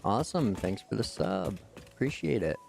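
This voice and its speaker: A man's voice: fairly low pitch, big pitch swings, normal speed, vocal fry, darkish tone, faint music behind. A Canadian man in his forties streaming a game, laid-back, muttering at the game and thanking viewers in chat. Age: 40s. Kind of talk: live gameplay commentary with chat.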